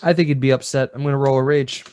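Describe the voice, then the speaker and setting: A man playing a tabletop game on a podcast, describing scenes in a relaxed, casual way. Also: medium pitch, quick pace, a little hiss or hum. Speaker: player. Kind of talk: casual actual-play chat.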